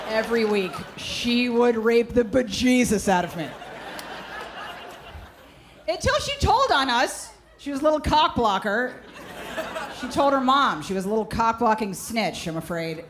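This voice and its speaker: Brash deadpan woman stand-up, a bit high, live club mic with loud room noise. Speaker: stand-up comedian. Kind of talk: stand-up comedy. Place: comedy club stage. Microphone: handheld stage mic. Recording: noisy live stage recording. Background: audience laughter.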